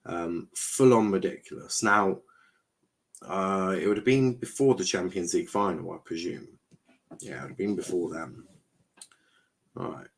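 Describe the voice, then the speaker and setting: A young man with a low voice hosts a live football watchalong, chatting casually and reading viewer comments at a normal speed with long pauses. He rambles, stumbles over words, and swears now and then.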